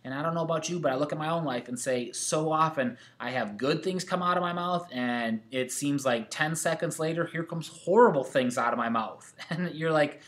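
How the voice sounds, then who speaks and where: A man's voice: on the high side, moderate pace, fairly bright tone. A man teaching a recorded catechism lesson to sixth graders, reading scripture aloud and numbering the worksheet answers.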